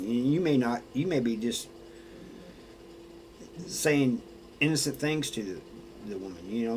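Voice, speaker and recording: A man with an ordinary mid-range voice tells stories from prison in a loose, casual monologue. His talk is plainspoken and unpolished, with restarts and a steady "you know." A faint room noise sits behind him. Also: medium pitch, poor audio. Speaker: former prisoner sharing experiences.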